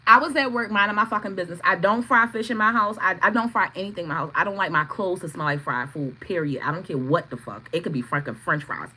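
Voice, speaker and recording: Middle-aged woman, crisp and bright tone, swears freely, casual live-stream storyteller. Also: lowish voice, fast talker, few pauses, poor audio. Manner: profane, blunt, laughing storyteller; greets chat viewers by name. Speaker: tarot reader streaming live.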